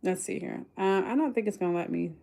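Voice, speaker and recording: Woman streamer, middle-pitched voice, loose rambling chat with lots of fillers. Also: quick pace, creaky, slight background noise. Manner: chatty and rambling, many fillers, turns excited and emphatic. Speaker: online business coach hosting a livestream. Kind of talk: casual livestream talk.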